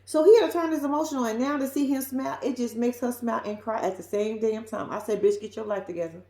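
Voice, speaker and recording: A woman's voice: a little high, fairly even intonation, quick pace, warm tone. A woman giving a blunt, sassy, profanity-laced casual recap of a reality show. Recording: roomy echo.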